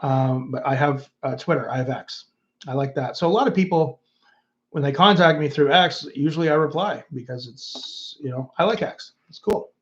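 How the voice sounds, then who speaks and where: A man's voice: mid-range voice, normal speed, highs cut off. A Canadian man in his fifties, chatting loosely on a livestream and reading out viewer comments. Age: 50s. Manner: rambling, reads viewer comments aloud. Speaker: YouTube host. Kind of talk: casual livestream chat.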